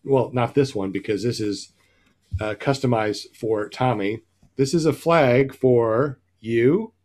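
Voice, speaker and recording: A man's voice: mid-range voice, slow, a little mellow. A man hosting a casual livestream chat, rambling with many fillers. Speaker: host of a paramotor livestream.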